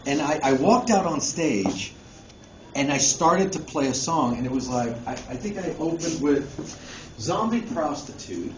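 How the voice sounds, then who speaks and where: A man's voice: mid-range voice, big pitch swings, normal speed. A man, a musician guest at a convention panel, telling a casual story to a live audience, laughing often and swearing freely. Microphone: phone recording from the audience. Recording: echoey muffled phone recording with room noise.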